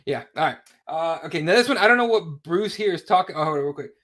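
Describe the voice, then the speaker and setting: A man's voice: a little high, expressive, fast talker, fairly bright tone. A man hosting a combat sports podcast, reading out viewer comments in a crude, blunt way. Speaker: podcast host. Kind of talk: casual chat.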